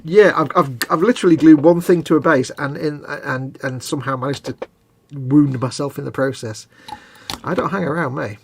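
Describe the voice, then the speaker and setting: Guy ribbing his mate on a hobby stream, jokey, slightly higher voice. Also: gravelly, slight background noise. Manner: teasing and joking, with quick asides. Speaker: co-host of a live hobby stream. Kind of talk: casual banter while building a model.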